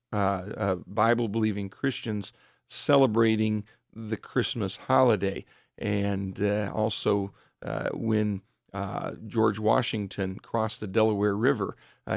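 A man giving an informal Bible teaching talk, halting often with filler words and restarts. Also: fairly low pitch, vocal fry, no room sound, clean studio sound.

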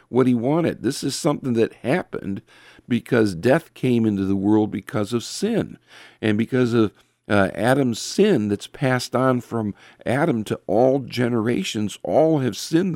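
A man delivers a sermon in a lowish voice, earnest and unhurried, stopping for fillers and restarts as he quotes scripture. The recording is dry and close, with almost no room sound. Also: a little mellow, no echo. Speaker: preacher.

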